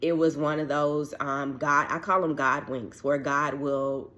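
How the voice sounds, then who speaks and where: A woman's voice: low voice, fairly even intonation, measured pace, a bit bright. A woman telling a personal faith testimony in a casual, chatty way, earnest and heartfelt, acting out the dialogue she quotes. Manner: chatty, filler-heavy, acts out quoted dialogue. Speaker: widowed mother sharing a faith testimony.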